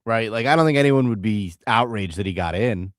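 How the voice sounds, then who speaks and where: Laid-back sports radio co-host, dry sound. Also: male voice, fairly low pitch, lively intonation, a little fast, no room sound. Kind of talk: casual sports talk radio.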